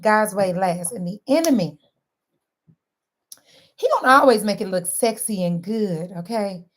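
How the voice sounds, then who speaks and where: A woman talking straight to her viewers in a lively, sermon-like way, mixing casual slang and laughter into faith-based wellness advice. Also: mid-range voice, unhurried. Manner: animated, sermon-like, southern-inflected slang with frequent laughs. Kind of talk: lively preachy direct-to-camera talk.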